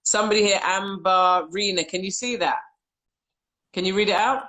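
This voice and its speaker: A woman's voice: mid-range voice, moderate pace, bright, forceful tone. A woman hosting a live discussion, telling reflective stories and reading viewer comments aloud over a video call. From United Kingdom. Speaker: host. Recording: roomy echo.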